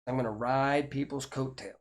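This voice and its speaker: A man's voice: medium pitch, steady tone, normal speed. An older man, hosting a casual chat show and talking in a rambling, chatty way with frequent restarts. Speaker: host.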